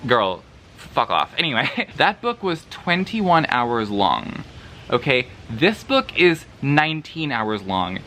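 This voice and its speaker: A man's voice: medium pitch, very animated, slow, bright, forceful tone, slight background noise. A man vlogging a book review, sarcastic and dramatic, swearing freely and laughing between remarks. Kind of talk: casual vlog review.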